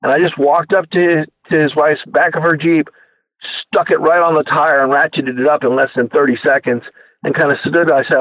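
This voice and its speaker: A man telling his inventor story as a radio guest, animated and acting out the people he quotes, heard over a tinny phone line. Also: a little high, fairly quick, no echo. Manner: animated storyteller who acts out quoted voices. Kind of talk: casual storytelling interview.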